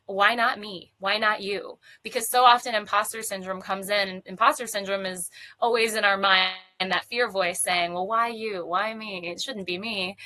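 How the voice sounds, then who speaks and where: Bright earnest woman guest. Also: mid-range voice, dry recording. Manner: earnest, quick, with light laughs. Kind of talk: casual interview talk.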